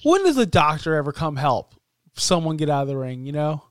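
Excitable man with a smooth voice. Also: fairly high pitch, fairly quick, dry recording, clean studio sound. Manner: excitable, rambling, lots of fillers. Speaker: podcast co-host. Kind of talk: casual wrestling talk.

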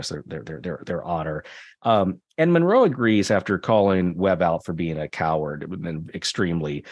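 A man co-hosts a film podcast with a low, slightly husky voice. His pitch rises and falls a lot as he rambles through the plot, swearing and laughing along the way. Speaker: podcast co-host. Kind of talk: casual film discussion.

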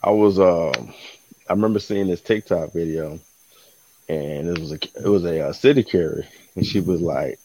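A man co-hosting a podcast, telling a story in casual chat and acting out the quotes with lively energy. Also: low voice, moderate pace, no echo, low-quality recording. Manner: animated storyteller, acts out quotes. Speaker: podcast co-host.

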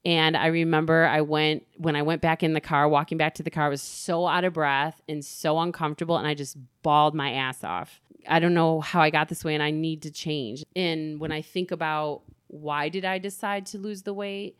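A woman's voice: sits low, fairly even intonation, normal speed, hardly any pauses, clear, resonant tone, no echo, studio quality. A middle-aged woman, a guest in an interview, speaking candidly and openly about her own life. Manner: candid, open, swearing freely.

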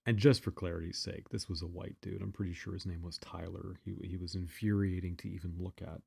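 A man's voice: sits low, steady tone, brisk, gravelly, a little mellow, slightly rough. A man telling a personal story in a casual, blunt, profane way, often restarting his sentences.

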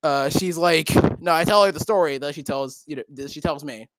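A man's voice: fairly high pitch, a little fast, a bit bright, no room sound. Young guy rambling thru a story, swears a lot, dead dry mic. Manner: rambling, profane, many fillers and restarts. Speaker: co-host. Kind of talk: casual storytelling chat.

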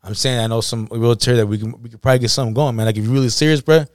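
A man's voice: mid-range voice, very fast, no echo, studio quality. A man co-hosting a casual podcast, telling a story in heavy slang and acting out the quoted dialogue. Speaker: podcast co-host.

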